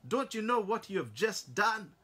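A man voicing a furious wealthy businessman who shouts threats. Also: high voice, sing-song, normal speed, slightly rough, pitched above the performer's own voice, exaggerated voice.

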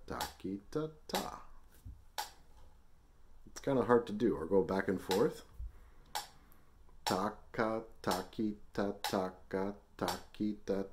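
A man teaching a music lesson, explaining rhythm syllables in a relaxed, chatty way with small laughs. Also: deep voice, creaky.

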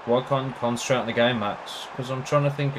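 A young man talking through a football game as he plays it, excitable and quick to swear. He jokes with someone beside him between chances and sits at a middling pitch. There is faint room noise behind him. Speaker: gaming YouTuber. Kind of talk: casual gameplay commentary.

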